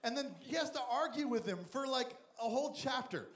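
A man preaching a lively sermon as a youth pastor, animated and jokey, acting out Bible characters as he goes. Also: extremely high pitch, fairly quick. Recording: echoey room.

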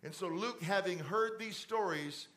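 In an unhurried sermon delivered from a church stage, a middle-aged pastor talks in a conversational way, his voice fairly high for a man. Asides aimed directly at the congregation come out soft and fatherly.

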